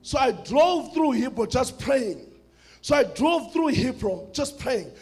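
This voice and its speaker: A man from South Africa with a South African accent preaching a sermon, with rhythmic, half-sung, shouted phrases. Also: extremely high pitch, big pitch swings, slow, breathy edge.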